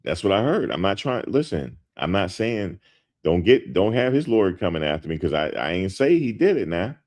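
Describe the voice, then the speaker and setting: A man's voice: sits low, big pitch swings, normal speed, a little mellow. A man hosting a show, talking casually and emphatically to his viewers, repeating his points with lots of slang. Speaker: host.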